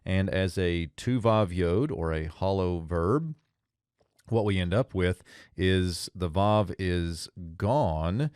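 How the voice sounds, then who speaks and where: A man's voice: low-pitched, darkish tone, clean tone, no echo, clean studio sound. A man teaching an ancient-language lesson at a whiteboard, thinking aloud with fillers and self-corrections.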